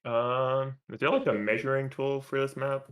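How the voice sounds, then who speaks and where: A man playing in an online tabletop game, talking in a relaxed, slangy way over voice chat. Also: medium pitch, moderate pace. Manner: relaxed, slangy, unsure of the tools. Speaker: player.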